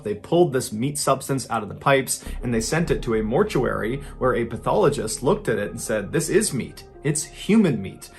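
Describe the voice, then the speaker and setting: A man hosting a show, retelling a true crime story in a plain conversational way, with the odd spoken filler. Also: medium pitch.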